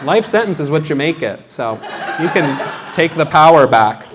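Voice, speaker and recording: A young man performs stand-up in a small gallery venue, his voice sitting a little high for a man. He delivers lines deadpan and halting, slipping into quick acted-out quotes. A faint hum of room ambience sits behind him. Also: a crowd in the background. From Washington, D.C. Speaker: stand-up comedian. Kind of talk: stand-up comedy set. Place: art gallery venue with live audience.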